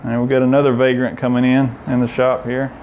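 A man giving a relaxed, plain-spoken tour of his indoor workshop, pointing out machines and tools. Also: mid-range voice, fairly quick, phone-quality sound, slight background noise. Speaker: shop owner giving a tour. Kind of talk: casual walkthrough tour.

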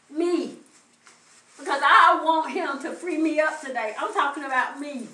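In a church sanctuary, a middle-aged woman delivers a fervent sermon full of repetition, her high voice carrying a sharp edge. The mic sits at a distance, and the room echoes.

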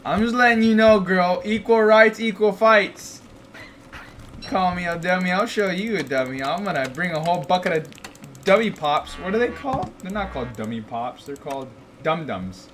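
A man live-streaming a game, joking and teasing in a high, bright voice that leaps all over the place. His casual chatter is goofy, and he breaks into excited outbursts now and then. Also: normal speed, slight background noise.

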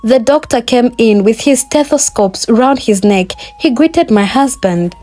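A woman narrating a first-person folktale in a plain, steady reading style. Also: fairly high pitch, unhurried, soft background music. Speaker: storyteller.

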